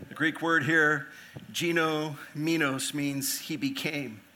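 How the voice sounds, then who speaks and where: A man's voice: fairly high pitch, fairly even intonation, takes it slowly, bright, forceful tone, a little hiss or hum. A man preaching an earnest expository sermon as pastor, asking rhetorical questions and repeating phrases for emphasis.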